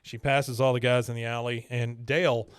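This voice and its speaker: A man's voice: mid-range voice, flat delivery, moderate pace, smooth, no room sound. Man, podcast co-host, casual scene-by-scene recap, filler words, resonant voice, dry sound. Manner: narrates scenes at length with fillers.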